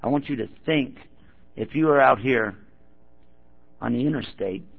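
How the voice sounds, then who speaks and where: A Muslim preacher with a gravelly, rough, mid-range voice speaks at a moderate pace to a gathered audience. He tells stories, acting out the people in them, and occasionally prods listeners directly. The recording sounds thin and tinny, like a phone line.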